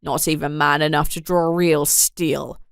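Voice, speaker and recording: Brief: storybook heavy, a raging middle-aged father, snarling and low, as a woman reader puts him on. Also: fairly even intonation, unhurried, clear, resonant tone, dry recording, clean studio sound. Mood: menacing. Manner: snarling, threatening.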